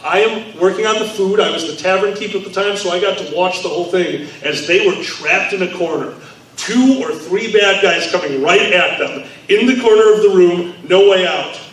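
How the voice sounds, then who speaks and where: A man hosting a live panel, telling stories in an animated way and shouting out the quotes he acts. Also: high-pitched, normal speed. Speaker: podcast host. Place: large convention room. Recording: echoey convention hall, mic far off.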